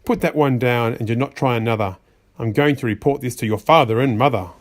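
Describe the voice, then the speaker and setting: A man's voice: mid-range voice, fairly quick, pitched below the performer's own voice, lightly acted. A man voicing a fussy magician's white rabbit that scolds a child in rhyme, exasperated and sing-song. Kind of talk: rhyming storybook reading.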